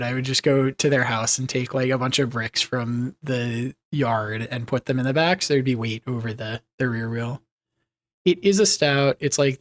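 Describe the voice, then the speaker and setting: A young man chatting casually on a live stream, rambling and reading chat messages aloud with easy laughs. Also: medium pitch.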